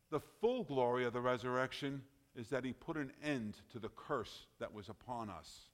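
A man preaching a sermon, emphatic, often rising in loudness and then dropping low. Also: lively intonation, moderate pace, hardly any pauses.

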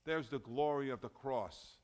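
A man preaching a sermon, emphatic, often rising in loudness and then dropping low. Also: unhurried.

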